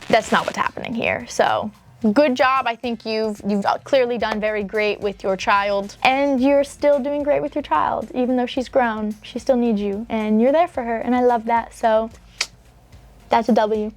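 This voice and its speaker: High-voiced woman telling stories, sarcastic. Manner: emphatic and sarcastic, with drawn-out pauses. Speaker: storytime host reading and reacting to submissions. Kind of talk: casual storytime commentary and reading aloud. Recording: soft background music.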